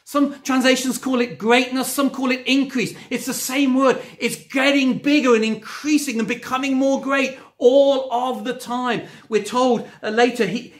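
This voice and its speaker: A man preaching a sermon from home, emphatic and rising on key words, with conversational asides. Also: high-pitched. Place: at home, recorded during lockdown.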